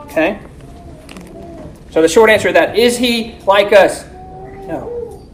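A woman's voice: mid-range voice, wildly swooping pitch, slight background noise, low-quality recording. Emphatic woman teaching a Bible lesson. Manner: emphatic, quizzing listeners with rhetorical questions; reads scripture slowly and forcefully.

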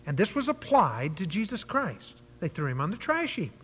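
A man's voice: high-pitched, very animated, normal speed, a bit bright, slight background noise. A man preaching a sermon, retelling a Bible story and explaining words with frequent fillers. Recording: dull lo-fi church hall recording.

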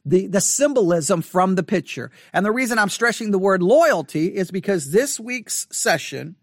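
Male Bible teacher, high voice, dry close sound, earnest and repetitive, online lesson. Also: expressive, no echo. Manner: repetitive, earnest, restarts and emphatic slow repeats.

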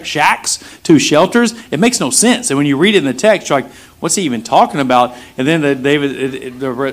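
A man teaching a Bible passage in a relaxed, conversational sermon, acting out quick lines for the disciples as he goes. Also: fairly high pitch. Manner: conversational, animated, acts out quick voices of the disciples. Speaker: preacher.

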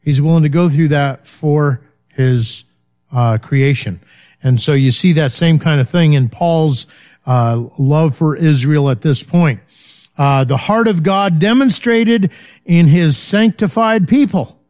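A man teaching an unscripted Bible lesson, measured and explanatory, pausing on "uh" and checking in with "okay". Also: fairly high pitch, darkish tone.

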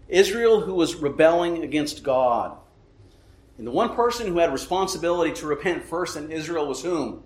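A man's voice: a little high, animated, fairly quick. A man preaching a sermon, emphatic, often asking rhetorical questions and checking in with "right?". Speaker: pastor. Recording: echoey room.

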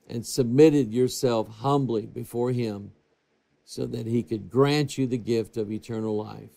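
Slow, gravelly preaching man. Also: mid-range voice. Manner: storytelling preacher, swings from hushed to raised. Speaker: pastor. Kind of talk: sermon. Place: church TV broadcast.

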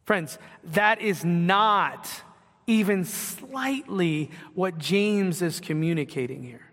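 A man's voice: high-pitched, expressive, slow pace, pushed and bright. A man preaching a sermon in a church, earnest and conversational, often repeating his phrases for emphasis. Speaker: pastor. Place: church sanctuary. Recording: long hall reverb.

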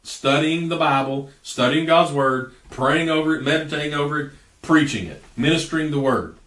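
Folksy preacher, echoey and distant. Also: male voice, fairly high pitch, normal speed, fairly bright tone. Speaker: pastor. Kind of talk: sermon. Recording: echoey room, voice heard from a distance.

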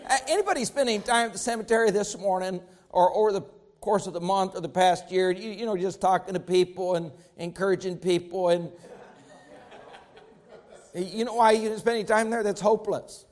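A man's voice: high-pitched, fairly quick, darkish tone. A man pastor preaching a sermon, with emphatic rising bursts, repeated phrases.

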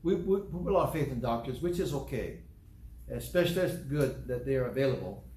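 A man preaching a sermon, earnest and deliberate, repeating key phrases slowly for emphasis. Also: mid-range voice, expressive, darkish tone. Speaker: pastor. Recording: echoey room with faint background noise.

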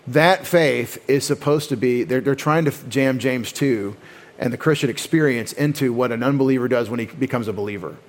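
A man preaching an evening teaching sermon, explaining doctrine in an earnest, conversational way with frequent restarts. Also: mid-range voice. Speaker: pastor.

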